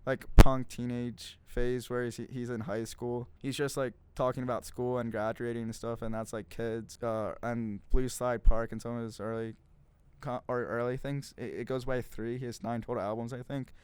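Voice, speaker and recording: A man's voice: mid-range voice, flat delivery, moderate pace, smooth. A young man co-hosting a casual podcast, rambling with lots of fillers and frequent laughter. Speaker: podcast co-host. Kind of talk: casual chat. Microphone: studio mic.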